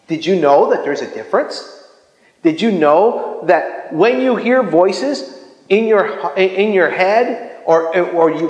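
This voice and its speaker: A middle-aged man preaching in a lively, conversational way, cracking jokes and laughing along with his own stories. His voice sits high for a man. The sound rings with a long echo, as if it was picked up from across a church hall. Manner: animated, chatty, jokes and laughs often. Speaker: pastor. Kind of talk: sermon.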